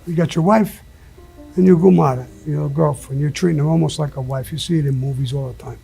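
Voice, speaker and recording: Husky high-voiced guy, swears a lot, blunt and emphatic, low music under it. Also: brisk, warm tone. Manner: blunt, emphatic, swears often, laughs mid-story. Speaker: interview guest. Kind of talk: profane storytelling.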